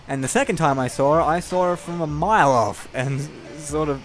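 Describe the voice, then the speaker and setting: A young man rambles through a candid personal story while playing a game, peppering it with swearing. His voice sits a little high for a man. Game music plays clearly behind him. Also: normal speed. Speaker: gameplay commentator.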